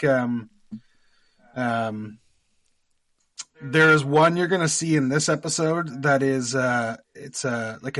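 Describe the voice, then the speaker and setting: In a relaxed podcast interview, a young Canadian guest actor wanders through his stories with lots of fillers and frequent laughs. He has a mid-range, slightly bright voice.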